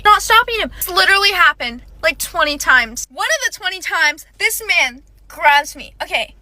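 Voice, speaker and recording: Young woman, casual storytime, very high voice, animated and quick. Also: no echo. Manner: animated and fast, with frequent "like" and "okay".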